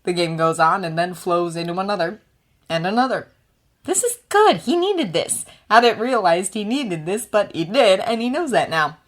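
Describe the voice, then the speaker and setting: A woman narrating a fanfiction audio reading in a soft, steady manner. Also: on the low side, moderate pace. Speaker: fanfiction reader.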